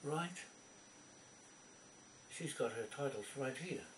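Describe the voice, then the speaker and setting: A man's voice: medium pitch, animated, takes it slowly. A man ranting angrily at the camera, swearing constantly and confronting people by name. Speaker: video poster. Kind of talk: angry rant to camera. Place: indoors at a computer. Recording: roomy, distant from mic, faint background noise.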